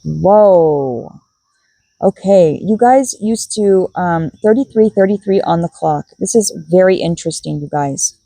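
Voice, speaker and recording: A woman's voice: fairly low pitch, lively intonation, measured pace, gravelly, mellow, no room sound, low-quality recording. A woman giving a spiritual card reading to her viewers, musing aloud and repeating key words as she goes. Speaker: tarot and oracle card reader.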